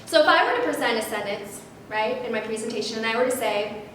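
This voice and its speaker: Animated woman workshop presenter, very echoey room. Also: fast. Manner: lively, animated, tags points with "right?". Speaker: public speaking workshop presenter. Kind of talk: instructional workshop talk. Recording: very echoey room, distant mic, faint rumble.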